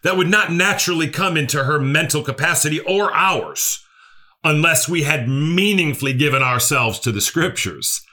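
A man's voice: a little high, animated, moderate pace, pushed and bright. A male preacher, delivering an earnest sermon that repeats key phrases and asks the listeners questions.

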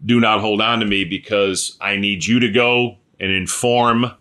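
The pastor here has a low, clean, bright and forceful voice with fairly even intonation. His conversational sermon is punctuated by "right?" and "okay?", along with fillers and sentences he starts over.

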